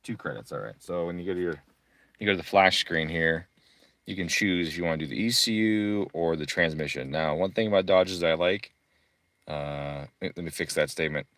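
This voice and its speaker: A man's voice: sits low, a bit bright, no room sound. A man casually walking through a tuning website, cursing freely and breaking into irritated rants. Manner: profane, quick to rant. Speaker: car tuner and streamer. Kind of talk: casual profane screen walkthrough.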